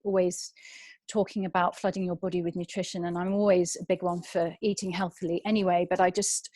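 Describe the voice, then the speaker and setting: A woman's voice: fairly low pitch, darkish tone, no room sound. A woman in her thirties, a guest telling a personal story on a video call, hesitant and emotional.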